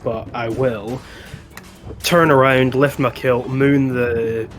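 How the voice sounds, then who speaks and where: A man playing a tabletop game, unhurried and jokey as he describes his character's antics. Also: medium pitch, steady tone. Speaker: player. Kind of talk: tabletop game play, casual.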